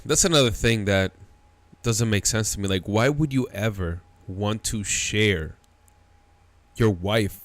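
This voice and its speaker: A man's voice: fairly low pitch, measured pace, no room sound. A man hosting a reaction show, giving blunt, incredulous commentary on a played clip.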